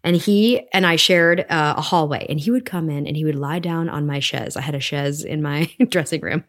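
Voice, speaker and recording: A woman's voice: low-pitched, moderate pace. A woman in her forties, a stage actress, talking reflectively as a guest in a casual interview, with many restarts. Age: 40s.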